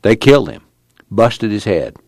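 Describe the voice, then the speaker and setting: A man's voice: lowish voice, sing-song, a little slow, darkish tone, no room sound, studio quality, exaggerated voice. A man voicing a battered, weary young farm worker who talks in a drawling rural dialect, his voice straining with grief. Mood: shaken.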